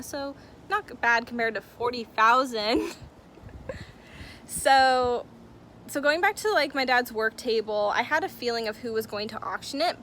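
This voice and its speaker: A woman's voice: a little high, fairly bright tone, a little hiss or hum. A young woman telling a personal story to her camera in a chatty, emotional way, with lots of fillers. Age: young adult. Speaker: vlogger. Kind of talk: casual story-time vlog.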